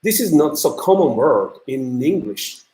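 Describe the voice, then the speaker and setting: A man with a Japanese accent who speaks Japanese natively, giving a university lecture in English in a halting way, with many fillers and restarts. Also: mid-range voice, big pitch swings, dark tone, slight background noise. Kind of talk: recorded lecture. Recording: echoey room.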